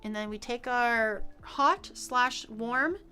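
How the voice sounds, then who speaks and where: A woman's voice: fairly high pitch, takes it slowly, pushed and bright, faint music behind. A woman streaming herself cooking in a home kitchen, chatting casually, rambling through explanations and swearing now and then.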